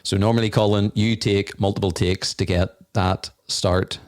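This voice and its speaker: A man's voice: fairly low pitch, steady tone, moderate pace, no echo, clean studio sound. An Irish man of forty co-hosting a podcast, chatting casually and laughing as he talks, now and then tripping over his words. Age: 40s. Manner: friendly, laughing, with occasional stumbles. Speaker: podcast co-host.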